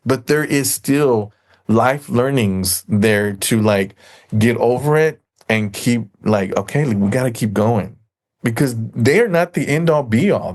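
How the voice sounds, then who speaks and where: This man's voice sits at a medium pitch with a darkish tone. He's a podcast guest chatting casually, telling rambling stories and acting out the people he quotes.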